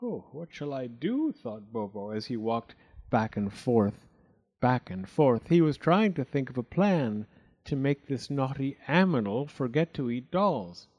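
A man reading a children's storybook aloud in an expressive, animated way. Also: mid-range voice, a little slow, dull audio.

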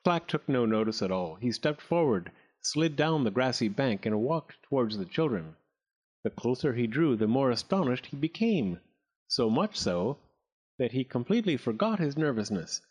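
A man reading a story aloud with expressive, dramatic narration. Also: mid-range voice, normal speed.

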